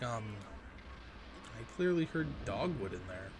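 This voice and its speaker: A man's voice: medium pitch, big pitch swings, moderate pace, over music. A man reading a game's dialogue aloud and breaking in with sarcastic, swearing asides as a let's play host. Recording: clear background noise.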